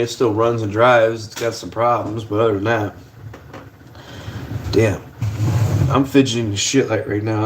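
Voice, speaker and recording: A man's voice: medium pitch, slight background noise. A young man hosting a casual livestream from his kitchen at the stove, rambling in a laid-back way and swearing casually. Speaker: livestream host.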